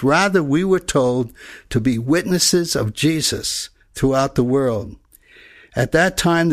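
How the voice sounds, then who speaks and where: A man preaching a sermon in an earnest, measured teaching manner, reading scripture passages aloud. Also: a little high, no echo.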